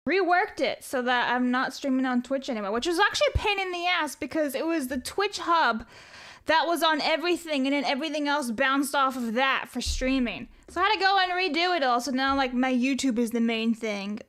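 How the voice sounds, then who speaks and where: A woman livestreamer with a high, fairly bright voice chats casually and reads viewer messages aloud. She rambles, jokes, and swears freely throughout the stream.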